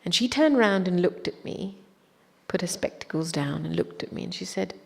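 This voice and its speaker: A woman giving a spiritual talk, recalling a personal story in a reflective, gentle way. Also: on the low side, lively intonation, moderate pace, creaky, slightly rough, big-room sound. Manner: reflective, gentle anecdotal telling. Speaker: spiritual speaker.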